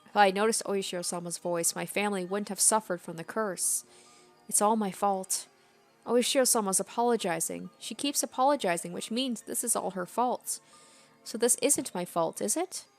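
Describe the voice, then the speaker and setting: A woman's voice: medium pitch, normal speed, soft background music, natural voice. A woman reading the lines of a disturbed teenage girl from a visual novel, repeating herself feverishly. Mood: frantic. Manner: feverish, repetitive apologizing.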